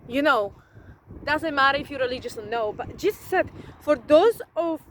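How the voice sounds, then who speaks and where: Profane, animated woman vlogging outdoors. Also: high-pitched, brisk, slight background noise, rough recording. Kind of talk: casual monologue to camera.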